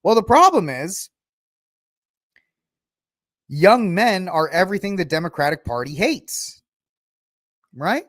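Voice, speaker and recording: A man's voice: high-pitched, very animated, slow pace, long pauses, a bit bright, dry recording, studio quality. A man hosting a podcast, talking through the news in a rambling, sarcastic way and laughing at his own jokes. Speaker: podcast host. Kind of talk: casual political commentary.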